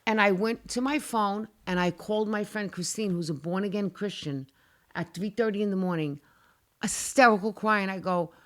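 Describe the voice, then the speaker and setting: A woman's voice: mid-range voice, normal speed. A middle-aged woman on a talk show, animatedly telling a dramatic personal story and swearing now and then. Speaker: guest. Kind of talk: casual storytelling.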